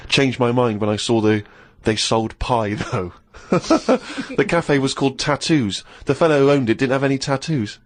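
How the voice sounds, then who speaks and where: A man co-hosting a comedy chat show, reading a diary aloud in a deadpan way. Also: on the low side. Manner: deadpan reading, breaking into laughter.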